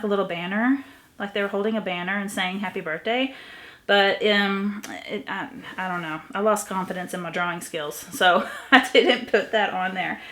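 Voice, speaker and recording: Casual middle-aged lady talking through a craft project, sniffly, relaxed and chatty. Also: medium pitch. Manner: chatty, relaxed, thinking aloud. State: sniffly from allergies. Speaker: craft vlogger.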